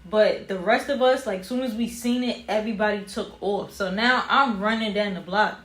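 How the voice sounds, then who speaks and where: A young woman telling a personal story in a casual vlog, animated, with casual slang. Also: medium pitch, normal speed. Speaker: vlogger. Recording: roomy echo with faint ambient noise.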